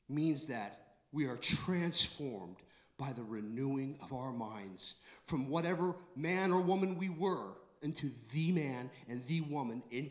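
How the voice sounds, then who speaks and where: A man preaching a sermon, emphatic and repetitive, swinging between soft, slow passages and loud outbursts. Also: on the high side. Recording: echoey room.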